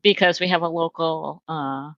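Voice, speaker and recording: A woman speaks as a guest on a podcast, musing aloud with lots of fillers and qualifiers. Her voice sits a little low for a woman, and the recording is dry and close. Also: fairly even intonation, normal speed, dry recording, lo-fi sound. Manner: hedging, filler-heavy, thoughtful. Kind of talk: casual chat.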